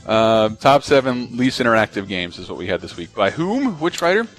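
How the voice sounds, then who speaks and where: Excitable man in his thirties, joking. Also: medium pitch, moderate pace, faint music behind. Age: 30s. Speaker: podcast co-host. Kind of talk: casual chat.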